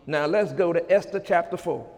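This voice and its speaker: A man preaching a sermon with a high, gravelly voice that carries a long hall reverb. He reads scripture aloud and presses his points with fervent repetition, rising loud and then dropping to a hush. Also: normal speed. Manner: fervent, repeats phrases, swings from loud to hushed.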